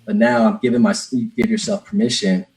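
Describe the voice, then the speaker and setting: Speaking a little fast in a fairly low, level, darkish-toned voice, a male business coach opens up as a podcast guest and tells a personal story in an interview. He's earnest, restarts a lot and keeps saying "man," all in a low-quality recording.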